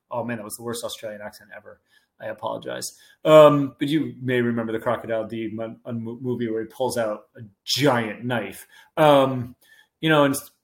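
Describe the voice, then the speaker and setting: A man in a middle pitch answering listener questions as a defense lawyer on a casual podcast. He thinks out loud, restarting sentences and hedging before landing on his point. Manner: thinking aloud, frequent restarts and hedges.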